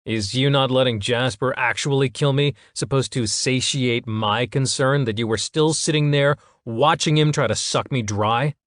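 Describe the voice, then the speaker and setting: A man reading an audiobook, voicing a cold, calculating middle-aged father who speaks in a measured, clinical way. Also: mid-range voice, fairly bright tone, no echo, clean studio sound, voice pushed up, close to an everyday voice.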